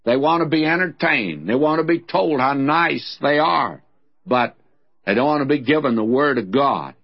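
An older man with a Southern US drawl preaches on radio in a folksy, plain-spoken way, his pitch swinging widely as he tells stories. His voice is a little husky. The old broadcast recording sounds dull and muffled. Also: animated, moderate pace. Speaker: radio Bible teacher. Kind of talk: radio sermon.

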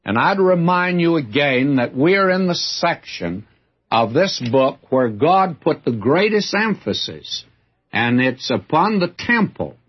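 A male Bible teacher preaching slowly in a folksy, earnest way, addressing his listeners directly. His pitch rises and falls freely, and his voice has a husky edge. The recording is dull and lo-fi, like an old broadcast. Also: very animated. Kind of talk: radio Bible teaching sermon.

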